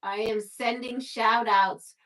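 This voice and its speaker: A woman from Brooklyn co-hosts a relaxed live stream. Her voice sits a little high. She chats easily, reads comments aloud and laughs often. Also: takes it slowly. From Brooklyn, New York. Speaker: live stream co-host reading viewer chat. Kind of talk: casual live-stream chat.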